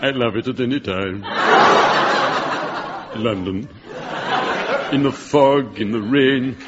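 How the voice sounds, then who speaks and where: A man's voice: mid-range voice, takes it slowly, close to an everyday voice. An actor playing a gushing upper-class romantic Englishman in a radio comedy sketch, overblown and swooning. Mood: rapturous. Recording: lo-fi old radio recording with loud hiss.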